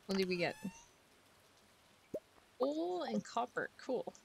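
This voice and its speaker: Woman streaming a farming game, slow unhurried chatter, giggly, faint room hum behind. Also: fairly high pitch, sing-song, gravelly. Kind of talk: casual gameplay commentary. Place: home room.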